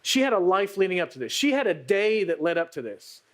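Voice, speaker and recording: A male pastor preaching a sermon, telling a story in an animated way and speaking directly to the women. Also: high-pitched, a little fast.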